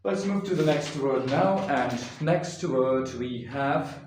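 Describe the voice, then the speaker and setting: A man teaching English pronunciation, saying each word slowly and repeating it several times so the listener can copy him. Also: mid-range voice, a little mellow. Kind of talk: slow, deliberate pronunciation lesson. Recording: echoey room, distant mic, faint hiss.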